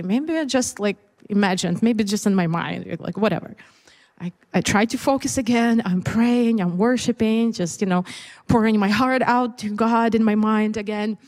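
A woman's voice: on the high side, a little mellow. Candid preaching mother in echoey hall. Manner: candid, conversational, with many fillers and restarts. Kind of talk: personal testimony within a sermon. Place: church service.

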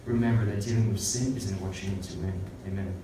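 A man reciting a rhyming spoken-word piece about sin, then sharing a halting testimony full of fillers. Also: on the low side, fairly even intonation. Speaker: church retreat participant reciting a poem. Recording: echoey room, far from the mic, noisy.

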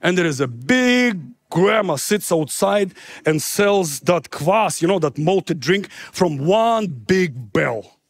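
Animated high-voiced preacher. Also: male voice, takes it slowly, no echo, studio quality. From former Soviet Union. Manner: joking storytelling turning to earnest appeal; non-native grammar. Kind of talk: sermon.

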